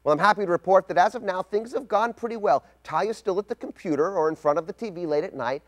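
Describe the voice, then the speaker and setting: Reflective man reading a spoken essay. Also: a little high. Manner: measured, reflective storytelling. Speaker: rabbi giving a spoken commentary.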